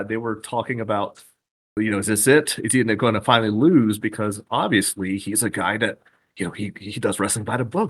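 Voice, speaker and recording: A man who is a podcast guest, talking casually at an average pitch. He recounts events with excitement and swears often. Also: breathy edge. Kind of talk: casual chat.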